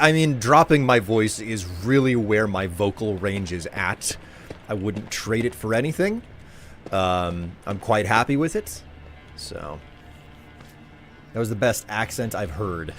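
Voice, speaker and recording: A male streamer chats casually with his viewers while he plays, rambling through his thoughts in a friendly, loose way. His voice sits on the lower side, and faint music runs underneath. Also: expressive, normal speed. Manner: rambling, chatty, warmly addresses viewers. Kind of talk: casual chat while gaming.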